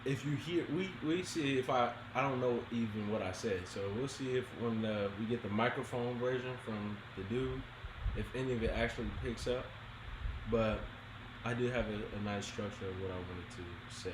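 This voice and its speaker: A man's voice: mid-range voice, normal speed. A man co-hosting a casual chat show, talking in loose restarts and laughing often. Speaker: co-host. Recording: roomy with clear background noise.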